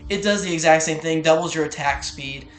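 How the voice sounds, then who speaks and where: A man's voice: on the high side, fairly quick, a bit bright. A man co-hosting a game development update in a casual, upbeat way, with playful asides. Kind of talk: casual chat. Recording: roomy echoey room.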